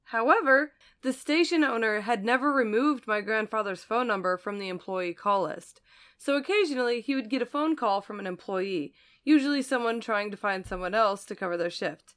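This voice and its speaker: A woman's voice: fairly high pitch, lively intonation, normal speed, fairly bright tone. A woman co-hosting a casual chat show, reading a listener's story aloud and laughing often. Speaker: podcast co-host reading listener stories.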